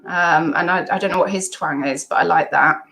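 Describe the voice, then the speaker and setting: Woman, middle-aged, lowish voice, casual rambling chat, lots of ums. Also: fairly quick, gravelly, fairly bright tone. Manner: rambling, chatty, many ums and asides. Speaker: live stream host reading chat.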